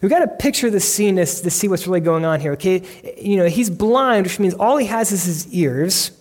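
A pastor, a man, preaching a sermon and telling stories with earnest conviction, his voice climbing into shouts when he acts out a scene. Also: high voice, animated, a little fast.

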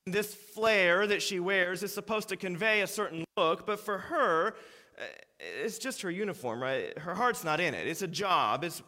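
A man's voice: sits high, normal speed, sharp tone, in a large hall. A man in his thirties preaching a sermon in a church, conversational and hesitant, with many fillers. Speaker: pastor. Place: church sanctuary.

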